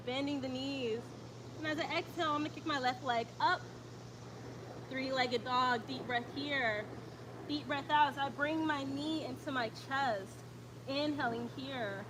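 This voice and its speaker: A woman guiding a yoga stretch routine with steady breathing cues and casual asides. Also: high voice, background noise. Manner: calm breath cues, chatty when reading comments. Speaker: yoga instructor. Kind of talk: guided yoga instruction.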